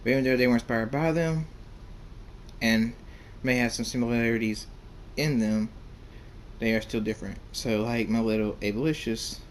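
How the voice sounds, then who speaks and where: A man reading his own fan fiction story aloud in the first person, halting and repeating words. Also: mid-range voice, slight background noise.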